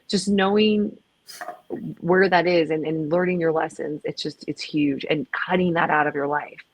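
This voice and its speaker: A woman with a low-pitched voice talks candidly as a podcast guest, emphatic and quick to exclaim. She often restarts her sentences. The sound is dry and close-miked. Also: fairly even intonation, no room sound. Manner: emphatic, swears, frequent restarts. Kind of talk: candid conversational chat.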